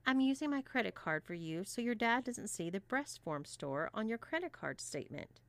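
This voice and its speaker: A woman voicing a sporty young college woman who speaks in a brisk, matter-of-fact way. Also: medium pitch, big pitch swings, dry recording.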